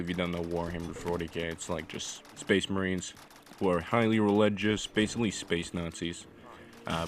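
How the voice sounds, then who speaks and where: A man's voice: deep voice, slight background noise. A young man with a groggy morning voice giving crude, sweary, sarcastic advice in a casual vlog voice-over. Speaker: gaming video creator.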